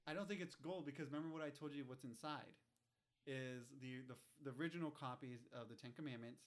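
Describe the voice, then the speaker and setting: A man in casual conversation who chimes in with short agreements and talks in a measured way when he explains. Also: mid-range voice.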